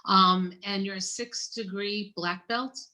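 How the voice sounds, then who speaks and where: A woman in her fifties hosting a casual interview over a video call, chatty and effusive, with a joking warmth to her praise. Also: medium pitch, steady tone, slow. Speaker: interviewer, university gift planning director.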